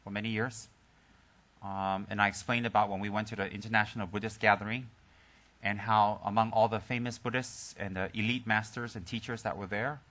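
A man gives a Dharma teaching to his group as their teacher. His voice sits low with a bright, forceful edge. He jokes easily and then settles into calm, soft storytelling full of fillers and restarts. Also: fairly quick. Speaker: Buddhist teacher.

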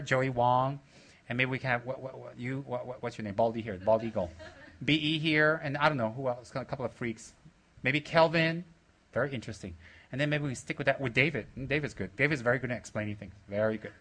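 A spiritual teacher with a medium-pitched voice gives a rambling, teasing talk to his students. He jokes, playfully insults them, laughs often and breaks into loud bursts of excitement, coaxing the room with questions.

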